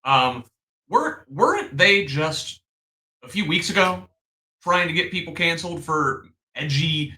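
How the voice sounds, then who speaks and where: A man's voice: a little high, animated, measured pace, sharp tone, echoey room, low-quality recording. A man on a discussion panel, speaking sardonically with frequent restarts. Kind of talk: political discussion.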